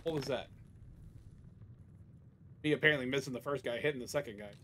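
A man's voice: mid-range voice, a little fast, sharp tone, a little hiss or hum. A young man live-streaming a game, chatting casually, ranting and swearing constantly, often restarting his sentences. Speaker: gaming streamer.

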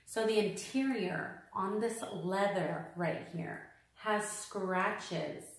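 A woman's voice: medium pitch, takes it slowly, creaky. A woman vlogger unboxing a purchase, upset and exasperated, repeating herself with many fillers. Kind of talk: unboxing vlog complaint. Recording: echoey room.

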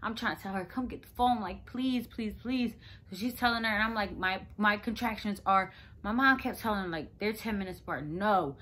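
A woman's voice: mid-range voice, pushed and bright. A young woman telling a personal story to her viewers in a chatty, rambling way. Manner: chatty, rambling, lots of "like" fillers. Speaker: vlogger. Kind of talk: casual storytelling to camera.

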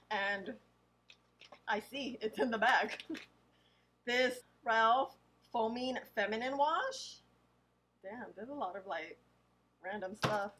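A woman beauty vlogger talking casually, reading product names aloud slowly and adding chatty asides. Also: on the high side, fairly bright tone, a little hiss or hum, rough recording. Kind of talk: casual haul unboxing.

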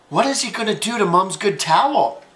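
Animated woman reading stories to kids. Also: mid-range voice, brisk. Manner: animated, addresses children directly. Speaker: storyteller reading to children. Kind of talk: children's storytime reading. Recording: echoey room.

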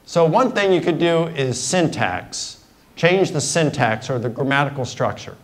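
A man's voice: a little high, animated, a little slow, poor audio. A middle-aged man giving a university guest lecture in a conversational way, explaining points through simple examples. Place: lecture hall.

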